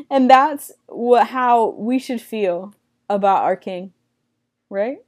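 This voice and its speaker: A young woman teaching a casual Bible study in a chatty way, acting out quotes with excited squeals. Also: fairly high pitch, slow.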